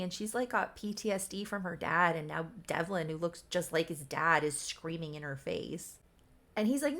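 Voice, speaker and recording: Chatty gravelly-voiced woman. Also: lowish voice, animated, normal speed, a bit bright. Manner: chatty, laughing, self-mocking. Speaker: YouTuber. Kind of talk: casual recap commentary.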